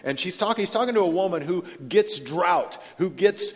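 A man preaching a sermon in a large church, telling stories in a conversational way and swinging from loud to hushed. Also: sits high, animated, moderate pace. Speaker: pastor. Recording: long reverb of a large hall.

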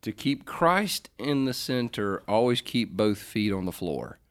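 A man's voice: lowish voice, sing-song, a little slow. A middle-aged man co-hosting a casual faith advice chat, joking and rambling as he answers listener questions. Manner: joking, rambling, self-correcting.

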